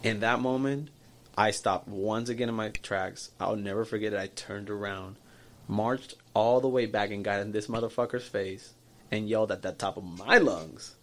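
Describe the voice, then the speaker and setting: A man in his thirties, a podcast guest telling a story over drinks in an animated way, acting out the people in it and often repeating and restarting his words. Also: on the low side, normal speed.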